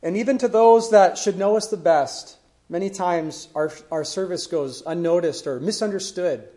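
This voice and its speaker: A man's voice: sits high, moderate pace, mellow. A man preaching a sermon in an earnest way, building emphasis through questions. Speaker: pastor.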